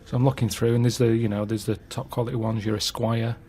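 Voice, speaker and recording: Man, casual podcast chat, deadpan storyteller, ordinary mid voice. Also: medium pitch, quick pace, husky. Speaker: podcast regular.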